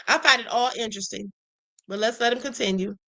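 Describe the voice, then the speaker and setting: Woman host, high bright voice, sassy, reacts to clips for her viewers. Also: moderate pace. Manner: sassy, talks straight to viewers, repeats rhetorical questions. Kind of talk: reaction commentary livestream.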